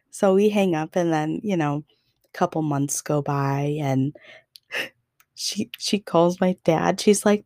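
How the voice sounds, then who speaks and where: A woman's voice: on the low side, unhurried, mellow, no echo, studio quality. A young woman hosting a podcast, telling a story in a casual, chatty way with lots of fillers and laughs. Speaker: podcast host.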